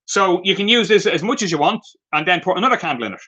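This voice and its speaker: A man's voice: high voice, expressive, fast talker, sharp tone, poor audio. An Irish man in a live video stream, a craft vendor showing off his handmade pieces and telling light-hearted stories, with many fillers. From Ireland. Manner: chatty storytelling with many fillers. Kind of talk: live product demonstration.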